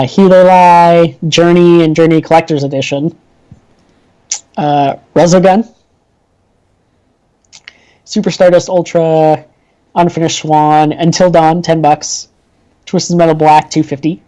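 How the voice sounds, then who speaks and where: A man's voice: on the high side, flat delivery, takes it slowly, long pauses, mellow, clean tone, poor audio. A man co-hosting a gaming podcast, talking in an easygoing way and laughing often. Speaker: podcast co-host. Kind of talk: casual chat.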